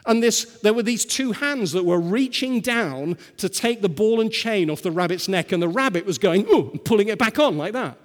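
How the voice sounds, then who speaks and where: A man's voice: high voice, animated, normal speed, hardly any pauses. A male pastor preaching a sermon and telling stories, often asking the listeners rhetorical questions. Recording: long hall reverb.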